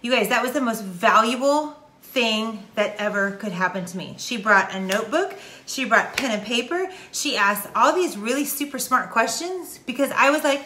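A middle-aged Texan woman talks to her viewers with the fervor of a preacher. Her voice is fairly high and bright, and it bounces around an echoey room. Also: moderate pace. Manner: animated, preachy, folksy with southern slang. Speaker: vlogger. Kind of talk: casual direct-to-camera talk.

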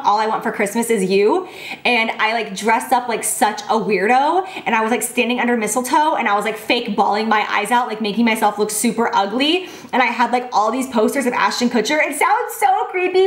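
In an echoey room, a twenty-something woman with a fairly high voice gushes through fan questions in a casual chat. Bubbly throughout, she fills her talk with "like."

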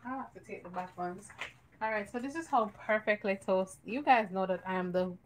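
A woman's voice: medium pitch, a little fast, a little hiss or hum. A woman with a Jamaican accent hosting a live home cooking show, joking and giggling in casual chat. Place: home kitchen.

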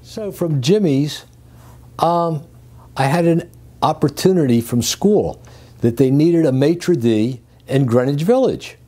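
Older man, warm lively storyteller. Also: a little high, slow. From Greece. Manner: lively storyteller, chuckles as he recalls. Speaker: interview guest. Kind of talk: telling his life story.

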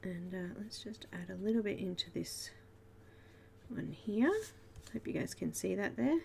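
Gravelly and darkish, her medium-pitched voice moves at an unhurried pace against slight background noise. As host of a live colouring stream, this Australian woman chats with viewers and giggles as she works through a casual tutorial.

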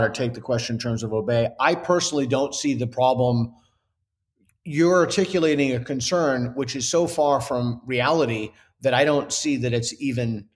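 A man who is a guest on an interview show, speaking earnestly and reasoning aloud with frequent restarts. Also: mid-range voice. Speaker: author and guest. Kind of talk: interview conversation.

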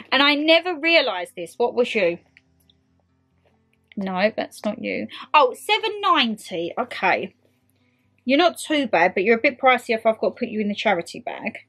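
A young British woman chatting excitedly to viewers and to her clothes in a casual haul video. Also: sits high. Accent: British English. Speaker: vlogger. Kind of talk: casual try-on haul chat.

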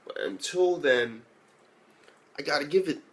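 A man's voice: a little high, lively intonation, a little slow, fairly bright tone. A man giving a casual spoken anime episode review, rambling and swearing heavily with lots of "like" fillers.

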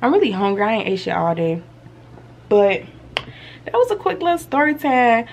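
A woman's voice: on the high side, moderate pace, creaky. Woman vlogger, casual story time, slangy, phone mic, home, faint hum. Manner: animated storytelling, lots of slang and cursing. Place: home, indoors.

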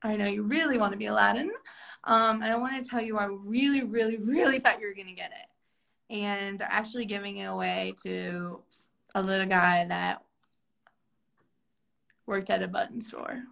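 A woman's voice: mid-range voice, fairly even intonation, moderate pace, vocal fry, long pauses, a bit bright. A young woman hosting an improvised comedy sketch on a live stream, playing a chipper career orientation leader in a bubbly, mock-cheerful way.

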